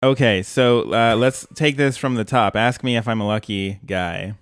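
A man's voice: mid-range voice, moderate pace, no echo. Male podcast co-host, dry teasing delivery, close dry sound. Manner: dry, teasing, deadpan jokes. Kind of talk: casual podcast chat.

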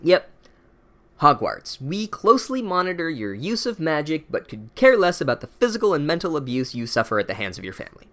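Profane deadpan male book recapper. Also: fairly high pitch, brisk. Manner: profane, deadpan sarcasm with mock-academic asides. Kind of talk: sarcastic comedic book recap.

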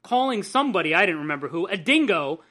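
A woman's voice: fairly low pitch, sing-song, fast, a bit bright. Chatty woman hosting a podcast. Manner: chatty, swears casually, frequent restarts. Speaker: podcast host. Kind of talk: casual podcast chat.

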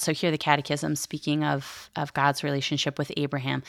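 A woman's voice: deep voice, level tone, fast, gravelly, hardly any pauses, fairly bright tone. A woman in her thirties hosting a faith podcast, chatting casually and reading passages aloud. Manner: chatty, conversational, many fillers. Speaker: podcast host teaching the Catechism.

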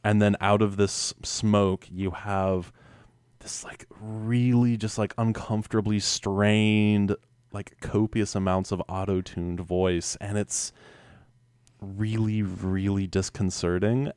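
A man with a low voice co-hosts a casual music review chat. He picks apart tracks quickly and thoughtfully, with plenty of "um" and "like". The sound is dry and close. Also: little pitch movement, darkish tone, smooth, dry recording. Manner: fast, analytical, with fillers and hedges. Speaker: music podcast co-host.

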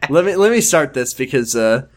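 A man's voice: medium pitch, very animated, fairly quick. A man co-hosting a comedy podcast, reading fanfiction aloud and breaking off for joking side comments. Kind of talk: comedic dramatic reading with banter.

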